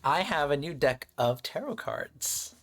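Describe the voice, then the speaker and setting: A man's voice: on the high side, measured pace, faint music behind. Playful, chatty male streamer. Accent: American. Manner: playful, chatty, self-deprecating, excitable. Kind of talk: casual live-stream chat.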